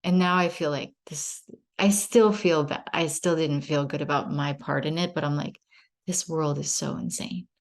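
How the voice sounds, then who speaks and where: On a video call with a casual spiritual group, a woman in her thirties rambles through a candid personal story, reflecting on herself as she goes. She speaks at a moderate pace in a low, steady voice.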